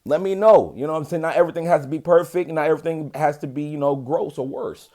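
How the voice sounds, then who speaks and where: A man giving a relaxed, conversational review of an anime episode, full of filler phrases and quick self-corrections. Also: a little high. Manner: corrects himself mid-sentence. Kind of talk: casual spoken episode review.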